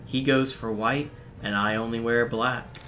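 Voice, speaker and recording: A man streaming a game, reading its visual novel text aloud in a steady, even narration broken by quick, dry asides. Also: medium pitch, a little hiss or hum. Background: faint game music.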